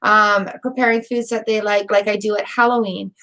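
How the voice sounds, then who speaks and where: A woman's voice: mid-range voice, level tone, normal speed, bright, forceful tone. A middle-aged woman giving a live tarot reading, chatty, emotional and rambling with fillers. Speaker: tarot reader.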